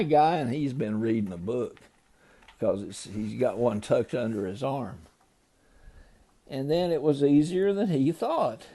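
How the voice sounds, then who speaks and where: A man's voice: fairly high pitch, dark tone. An older man, a grandfather, loosely retelling a children's story to a grandchild, ad-libbing with small slips.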